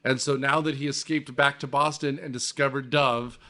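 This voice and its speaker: A man hosting a casual movie-review podcast, retelling the plot with lively, swearing energy. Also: mid-range voice, normal speed. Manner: animated, swearing, acts out scenes. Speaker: podcast host.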